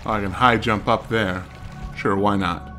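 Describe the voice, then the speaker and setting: Bright-voiced man joking through a game. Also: fairly low pitch, fairly even intonation, moderate pace, faint music behind. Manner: wry, joking running commentary. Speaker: let's play gamer. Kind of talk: casual gameplay commentary.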